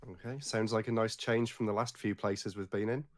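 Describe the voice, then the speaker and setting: A man's voice: lowish voice, steady tone, fairly quick. A man playing in a tabletop game, chatting casually and laughing often. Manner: laughing, playful. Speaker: player.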